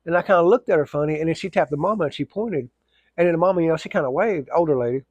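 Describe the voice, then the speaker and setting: A man's voice: a little high, racing, no echo, highs cut off. A man telling a casual, rambling story, full of fillers and restarts.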